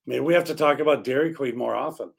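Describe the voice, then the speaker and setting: A man's voice: mid-range voice, quick pace, creaky, husky. A middle-aged man co-hosting a podcast, laid-back and teasing in casual chat. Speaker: podcast co-host.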